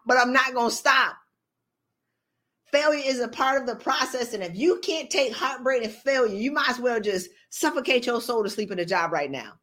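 A woman hosting a podcast, giving a motivational talk in an animated, playful, colloquial way. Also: high-pitched. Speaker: podcast host.

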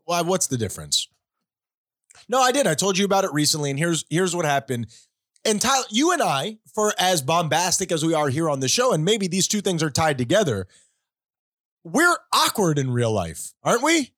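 A man's voice: fairly high pitch, big pitch swings, moderate pace, fairly bright tone, no echo, studio quality. A man co-hosting a casual comedy podcast, teasing and mock-serious as he banters with his friend. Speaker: podcast co-host.

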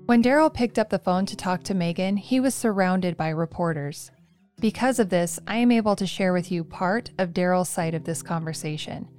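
A woman narrating a true crime podcast in a calm, measured scripted read. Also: fairly low pitch, faint music behind.

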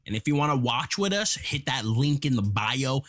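A man's voice: medium pitch, sing-song, normal speed, a bit bright. A man co-hosting a casual podcast, laid-back and slangy, chiming in with short jokes. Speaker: podcast co-host. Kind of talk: casual chat.

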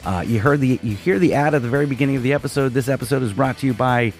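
A man's voice: mid-range voice, racing, soft background music. A man hosting a casual podcast in a studio, laughing easily as he asks his guest questions. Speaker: podcast host.

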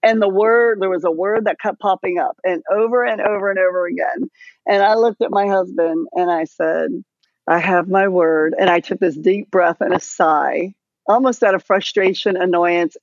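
A woman in her forties, a podcast guest telling a personal story in a casual, animated way with lively asides. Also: fairly low pitch, normal speed, dry recording. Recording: dull dry lo-fi sound.

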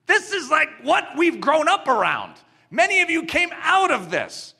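A man preaching a sermon, telling stories with animation and building to emphatic shouts. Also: very high-pitched, huge pitch swings, a little slow, vocal fry. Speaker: pastor.

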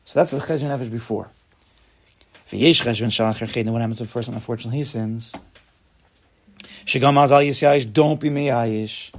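A man teaching a Torah class in a gravelly, husky voice. He speaks emphatically, doubling back on words and mixing Hebrew terms into his English. His pitch sits in an everyday middle range. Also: a little fast, long pauses. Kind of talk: spoken Torah lecture.

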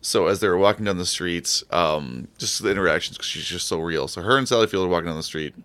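A man's voice: low-pitched, quick pace, dry recording. A man co-hosting a podcast in casual chat, mimicking characters with lots of energy. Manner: animated, mimics characters in a raised voice. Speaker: podcast co-host.

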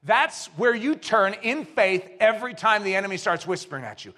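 A man preaching a sermon, swinging from hushed asides to shouted exclamations and acting out quoted voices. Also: sits high, normal speed. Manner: animated, shifts between hushed and shouting. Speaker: pastor.

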